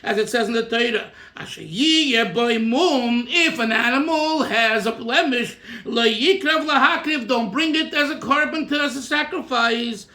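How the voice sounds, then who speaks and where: Male rabbi, very high, bright and forceful voice, reads Hebrew and explains it in English, recorded in an echoey room. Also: a little slow, few pauses. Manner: reads Hebrew lines and explains them in English, breaks into song. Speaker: rabbi teaching a text. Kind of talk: Torah class, reading and translating a text.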